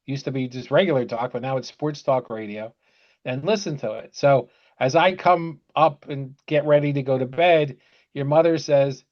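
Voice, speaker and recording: Older man chuckling over muffled call audio. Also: mid-range voice. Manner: unhurried, filler-heavy, chuckling. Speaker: podcast co-host, father. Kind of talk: casual storytelling chat.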